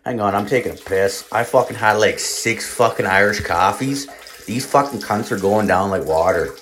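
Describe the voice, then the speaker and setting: A man telling a rambling anecdote in casual talk, swearing heavily and filling every pause with "like", partly from a bathroom. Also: on the low side, fairly bright tone. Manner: rambling, heavy swearing, constant "like" fillers. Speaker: storyteller. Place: bathroom, mid-story.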